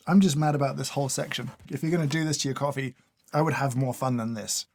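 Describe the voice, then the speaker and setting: A man's voice: mid-range voice, fairly even intonation, quick pace, a little mellow. A man doing casual taste-test commentary, dry and sarcastic, scolding each product he tries. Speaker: food taste tester.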